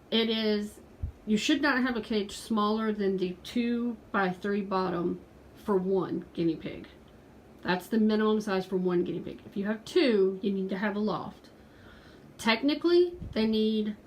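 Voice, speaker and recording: A woman's voice: mid-range voice, a little mellow, slight background noise, low-quality recording. A woman in her forties talking earnestly in a casual home video from her pet room, pleading with viewers at points. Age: 40s. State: out of breath. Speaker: pet vlogger.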